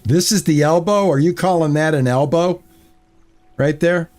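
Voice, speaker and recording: A man's voice: fairly high pitch, moderate pace, a little mellow, soft background music. A man streaming a game, chatting with his viewers and easily exasperated as he plays. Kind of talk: casual gameplay commentary.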